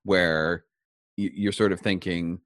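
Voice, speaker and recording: A man hosting a podcast, chatting casually, animated and full of restarts. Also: low voice, takes it slowly, no room sound, studio quality. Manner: animated, chatty, many restarts, laughs often. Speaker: podcast host. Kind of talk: casual chat. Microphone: podcast microphone.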